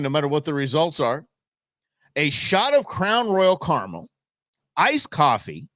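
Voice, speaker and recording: A man hosting a live election-night stream gives casual commentary, loose and rambling, full of restarts and jokey, opinionated asides. His fairly bright voice swings up and down in pitch as he gets worked up, and the sound is close and dry with no room echo.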